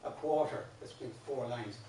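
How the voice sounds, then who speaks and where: A man's voice: medium pitch, moderate pace, warm tone, recorded from a distance, slight background noise. Irish man teaching song in echoey room. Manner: explains patiently, with many restarts, sometimes sings lines. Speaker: singing teacher. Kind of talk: workshop lecture on song. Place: classroom. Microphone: distant room mic. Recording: very echoey classroom, voice off-mic.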